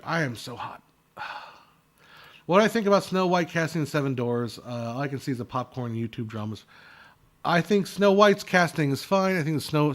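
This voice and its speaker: A man of ordinary pitch chats casually with his viewers, answering their questions. He rambles and goes off on asides. He often stumbles and restarts as he gives his blunt opinions.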